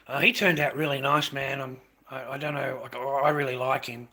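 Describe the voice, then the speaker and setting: An Australian man in middle age chats on his livestream in a bright, forward voice. He rambles, repeats his points, and drops in mate and the odd swear word. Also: medium pitch, steady tone, fairly quick. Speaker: livestreamer selling handmade masks. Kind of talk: casual livestream chat.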